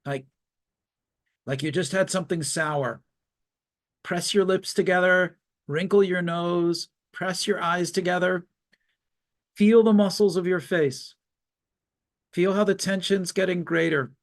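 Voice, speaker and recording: Calm man guiding muscle relaxation. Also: high-pitched. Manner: slow, calm step-by-step cues with long pauses. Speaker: psychologist leading a webinar. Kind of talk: guided muscle relaxation instruction.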